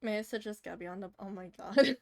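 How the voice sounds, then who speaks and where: A young woman chats casually with her live-stream chat while drawing a commission, laughing often. Her medium-pitched voice is creaky and slightly nasal, and she talks fairly quickly.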